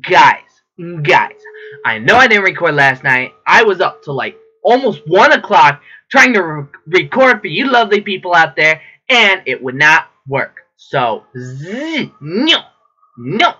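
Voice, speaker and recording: Excitable, joking man gaming, bright voice. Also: a little high, normal speed. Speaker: gamer. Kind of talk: let's play commentary. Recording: dull lo-fi recording with faint game music.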